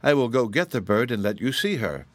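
A bossy giantess witch who gloats over her captives, put on by a man reading aloud. Her voice sits higher than his usual low tone. The recording is dry and close. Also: very animated, fairly quick, no room sound. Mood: gloating. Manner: domineering, pleased with her power.

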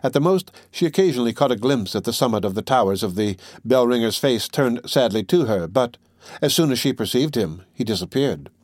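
A man reading a classic novel aloud as audiobook narration, measured and steady. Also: mid-range voice, no echo, studio quality. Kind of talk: scripted narration.

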